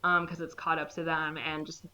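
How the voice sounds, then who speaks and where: A woman's voice: moderate pace, dull audio. A woman co-hosting a podcast, retelling a film in casual chat and acting out the characters' lines. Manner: animated, acts out characters with jumps in pitch, many "like" fillers. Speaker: podcast co-host. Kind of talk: casual movie recap chat.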